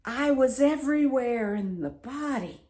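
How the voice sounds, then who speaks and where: A woman who teaches spirituality, telling a personal story in a halting way, repeating words and sometimes dropping to a soft whisper. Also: high-pitched, animated.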